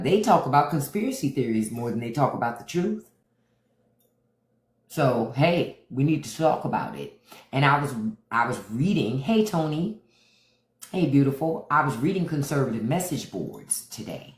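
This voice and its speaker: A chatty man talks straight into his phone on a casual livestream, trading opinions on politics and greeting viewers by name between points. His voice sits at an ordinary middle pitch. The room around him rings with a noticeable echo. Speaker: livestream host. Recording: roomy echo.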